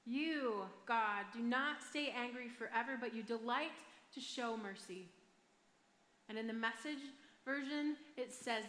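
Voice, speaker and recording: A woman pastor with a Michigan accent delivers her sermon in a chatty, self-deprecating storytelling manner. Her voice is bright and sits a little high. It rings through a large hall with a long, roomy reverb. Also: unhurried.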